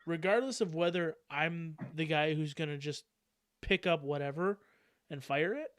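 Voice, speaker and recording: A man hosting a casual podcast, talking in an animated, profane way and laughing often. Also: on the high side, normal speed, clear, resonant tone, dry recording, clean studio sound. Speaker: podcast host.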